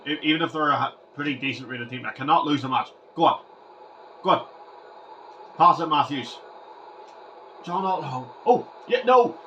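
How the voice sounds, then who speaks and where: A man commentating his own retro football game, ranting and shouting at the players when things go wrong. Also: medium pitch, moderate pace, long pauses, dull audio, a little hiss or hum. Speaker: gaming channel host.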